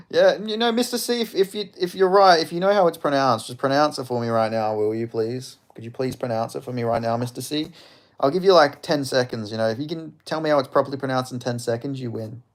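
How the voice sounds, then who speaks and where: A young man with a fairly quick, mid-range voice hosts a stream watching fights. The chat is casual, and he swears often, jokes with his viewers and laughs a lot.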